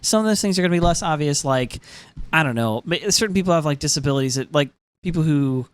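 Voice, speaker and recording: A podcast co-host recapping an anime episode in casual, quick, filler-heavy chat. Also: medium pitch, animated, smooth, no echo.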